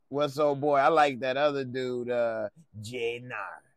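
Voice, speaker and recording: A man hosting a casual live stream, reacting to a TV episode, relaxed as he greets viewers by name and laughs often. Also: mid-range voice, dry recording.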